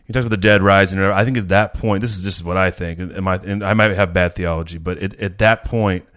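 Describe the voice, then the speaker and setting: A man's voice: low-pitched, fairly even intonation, a little fast, a bit bright. A man co-hosting a podcast, talking casually and thinking aloud with frequent restarts.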